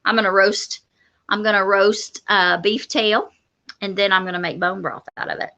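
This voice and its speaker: Bright, chatty woman. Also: medium pitch, steady tone, normal speed, creaky. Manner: chatty and enthusiastic, many yeahs. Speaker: co-host of a homestead livestream. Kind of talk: casual live-stream chat.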